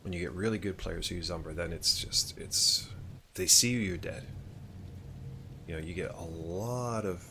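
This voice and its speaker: Low-voiced man streaming a game. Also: normal speed, bright, forceful tone, slight background noise. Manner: rambling, thinks aloud, reacts to play. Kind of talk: casual gameplay commentary.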